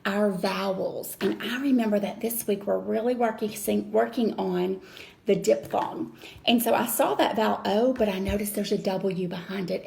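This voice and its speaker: A woman teacher explaining a reading lesson step by step to children, slow and patient. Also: mid-range voice, creaky, a little mellow, slight background noise.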